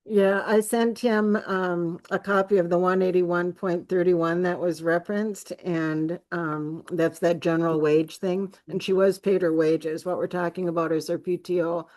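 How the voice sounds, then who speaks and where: A woman's voice: on the low side, fairly even intonation, measured pace, few pauses, darkish tone, rough recording. A woman on a school's staff, explaining a policy to a board in a matter-of-fact way. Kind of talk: meeting report.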